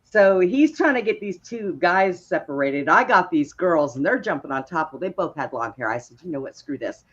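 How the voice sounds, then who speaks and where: A woman telling lively stories in casual chat, laughing often as she goes. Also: lowish voice, normal speed. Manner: laughs often, animated retelling. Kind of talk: casual storytelling. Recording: dull lo-fi sound.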